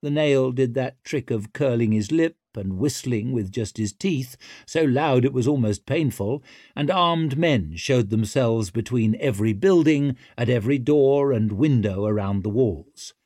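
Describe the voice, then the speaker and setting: A man narrating an audiobook in a wry, expressive storytelling manner. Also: medium pitch, unhurried, dry recording, studio quality.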